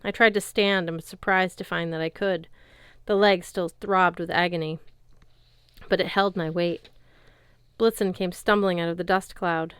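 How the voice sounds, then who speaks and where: A woman reading a fantasy novel aloud as an audiobook narrator, in a lively storytelling way. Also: lowish voice, normal speed, smooth, no echo. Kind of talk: scripted narration.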